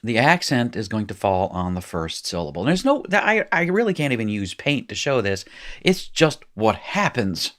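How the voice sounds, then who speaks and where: In a recorded screen-share lesson, a Hebrew teacher with a fairly low, fairly bright voice speaks at normal speed with big pitch swings. His explanations are casual and chatty, filled with "um," and he often stops to correct or rephrase himself.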